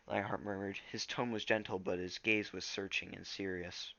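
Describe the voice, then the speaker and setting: A man's voice: deep voice, fairly even intonation, fairly quick, creaky, hardly any pauses, a bit bright, no room sound, muffled recording. A man reading a storybook aloud in a casual way, stumbling over words now and then. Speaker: reader.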